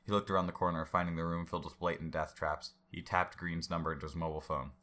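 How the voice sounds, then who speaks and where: A man's voice: low-pitched, little pitch movement, quick pace, pushed and bright. A man reading a story aloud and then chatting casually about it. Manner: casual, laughs while commenting.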